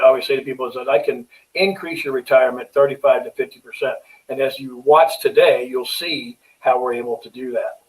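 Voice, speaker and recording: A man's voice: medium pitch, darkish tone. A middle-aged man, a financial consultant, giving a chatty webinar presentation with plenty of ums and restarts. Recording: distant mic, slightly far-off.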